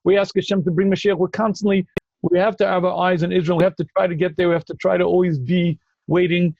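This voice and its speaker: A man hosting a call-in Q&A as a rabbi, emphatic and quick to cut in with repeated phrases. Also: high-pitched, little pitch movement, vocal fry, darkish tone, highs cut off. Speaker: rabbi answering callers. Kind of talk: call-in Q&A talk.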